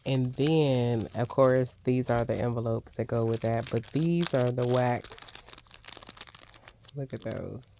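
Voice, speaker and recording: An older woman doing a casual unboxing vlog, gushing with excited exclamations as she shows off crafting supplies. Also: very deep voice, takes it slowly, slight background noise. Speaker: crafting vlogger.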